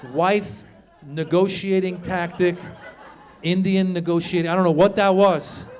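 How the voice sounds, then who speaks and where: High-pitched animated comedian, middle-aged man. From Iran. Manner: animated storytelling, acting out loud shouted quotes. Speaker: stand-up comedian. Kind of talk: stand-up comedy set. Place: comedy club stage with live audience.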